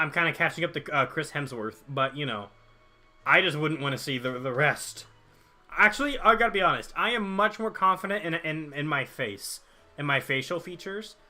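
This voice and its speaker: A man's voice: fairly high pitch, bright, forceful tone. A young man streaming a game, chatting casually and jokingly with his viewers while reading their chat aloud.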